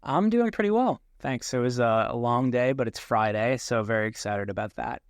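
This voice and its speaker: A man hosting a podcast in a relaxed, chatty way, speaking into a desk microphone. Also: medium pitch, normal speed, no room sound, clean studio sound. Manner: relaxed, chatty, with restarts and small laughs. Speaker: podcast host. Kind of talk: casual podcast talk. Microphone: desk mic.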